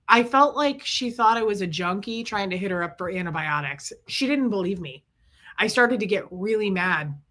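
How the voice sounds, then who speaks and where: A middle-aged woman telling a story to her viewers. She is sick with chest congestion and rants in animated bursts, stopping to greet viewers by name. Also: a little high. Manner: ranting, animated storytelling, reading out viewer names. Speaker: livestream host. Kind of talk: casual chat to viewers.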